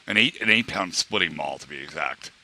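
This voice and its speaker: A young male streamer tells a rambling story to his chat, full of fillers, restarts and acted-out quotes from other people. His voice sits very low yet comes across bright and forceful. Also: expressive, a little fast, gravelly.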